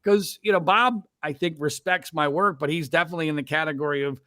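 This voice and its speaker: A man's voice: on the high side, quick pace, hardly any pauses, pushed and bright, dry recording, studio quality. A man in his late fifties, a podcast guest talking casually, emphatic and sarcastic, often repeating words as he starts a thought. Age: 50s.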